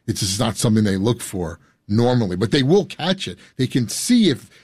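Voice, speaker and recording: An earnest man chatting as a radio guest, who repeats points and stumbles over his words. His voice is husky, with a dry, close sound. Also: medium pitch, very animated, normal speed, a little mellow, no echo. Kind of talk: casual conversation.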